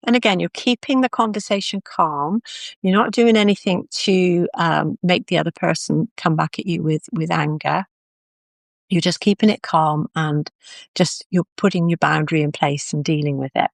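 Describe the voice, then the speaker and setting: Low, gravelly woman speaking. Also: unhurried, no echo. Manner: calm, practical, explaining step by step. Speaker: confidence speaker. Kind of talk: live video talk.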